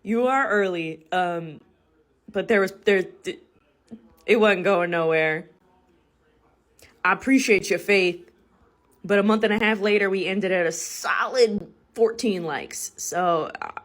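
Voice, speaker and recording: A woman's voice: medium pitch, slight background noise. Blunt, unfiltered woman talking to camera. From southern Louisiana, USA. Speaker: content creator and comedian. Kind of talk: casual comedic monologue.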